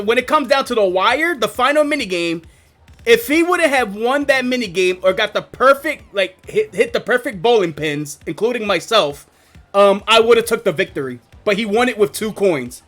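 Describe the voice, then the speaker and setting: A man's voice: sits high, lively intonation, normal speed, fairly bright tone. Rambling young male gaming streamer. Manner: rambling, loose, swears casually. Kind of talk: casual gameplay commentary.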